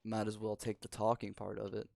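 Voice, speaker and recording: A man's voice: on the low side, completely flat delivery, brisk, creaky, mellow, no room sound. A teenage boy hosting a casual podcast chat, rambling and laid-back. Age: teens. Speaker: podcast host. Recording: dry home recording over spotty internet.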